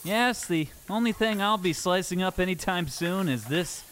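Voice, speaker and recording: A man's voice: sits high, moderate pace, fairly bright tone, a little hiss or hum. A man playing an overdramatic fencer father in a comedy sketch, lurching from stern lecturing to sobbing apologies. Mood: cheerful. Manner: melodramatic, swings from stern to sobbing. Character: doting overdramatic fencer father, middle-aged.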